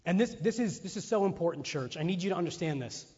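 A man preaching a sermon to his church, animated, acting out voices and firing off rhetorical questions. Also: high voice, quick pace, slightly rough. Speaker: pastor. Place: church sanctuary. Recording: muffled sound in a reverberant hall.

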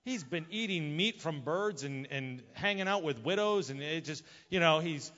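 A man preaching a sermon, retelling a Bible story in an animated way and acting out the characters' lines. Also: fairly high pitch, normal speed. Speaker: pastor. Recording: muffled sound with long hall reverb.

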